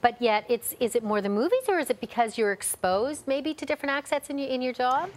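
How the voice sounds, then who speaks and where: A woman anchoring a news interview with bubbly enthusiasm, her voice sitting a little high. She asks her questions warmly and readily gushes over the guest. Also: lively intonation, fairly quick.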